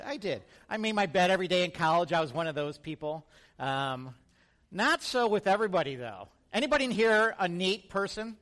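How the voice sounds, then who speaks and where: A male pastor giving a sermon in a church, relaxed and conversational, joking with the congregation and asking them questions. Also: high-pitched.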